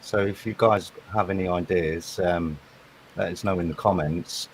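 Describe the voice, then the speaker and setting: A man hosting a live stream, chatty and teasing, a little halting in his speech. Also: low-pitched, fairly even intonation, slight background noise. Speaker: stream host. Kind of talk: casual live-stream chat.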